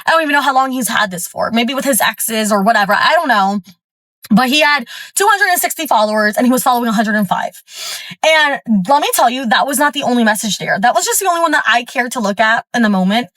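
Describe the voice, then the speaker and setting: Chatty high-voiced woman telling a story. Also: animated, fast talker, a bit bright, no room sound. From Florida, USA. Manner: chatty, filler-heavy, fired-up retelling. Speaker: storyteller vlogger. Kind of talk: casual storytime monologue. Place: at a gym.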